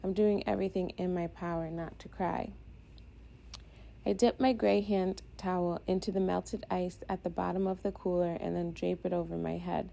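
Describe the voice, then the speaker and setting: A woman reading a first-person audiobook in a steady, introspective way. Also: on the low side, normal speed, vocal fry. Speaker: audiobook narrator.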